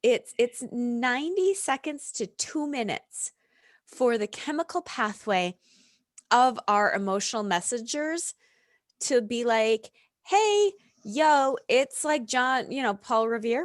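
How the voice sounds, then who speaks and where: A middle-aged American woman, a yoga and reiki practitioner, talking in an unhurried, reflective way and laughing often in casual podcast chat. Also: a little high, expressive, no echo, studio quality. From United States.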